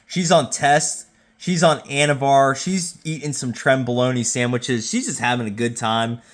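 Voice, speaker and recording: A man who has been drinking hosts a casual rating video from home, rambling and stammering with sudden excited bursts. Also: mid-range voice, a little slow. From Jacksonville, Florida. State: tipsy from drinking. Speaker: YouTube host. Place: at home with a phone. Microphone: phone.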